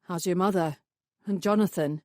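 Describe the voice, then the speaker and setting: A quiet, subdued middle-aged father, nervous and full of guilt, as a woman puts him on in an audiobook. He speaks a little lower than the narration, close and dry. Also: normal speed, no echo, natural voice. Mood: tense.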